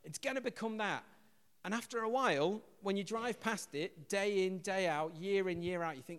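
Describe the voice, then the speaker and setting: An English man preaching a sermon as pastor, an animated storyteller who acts out quotes loudly. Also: high voice, normal speed, smooth, big-room sound. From England.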